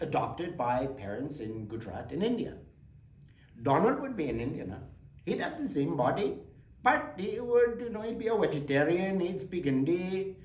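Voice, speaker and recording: A man leads a motivational workshop, firing rhetorical questions at his listeners. His voice swoops lively between high and low. He is heard from some distance in a roomy space. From Quebec, Canada. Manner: animated, rhetorical questions to the audience. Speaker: workshop presenter.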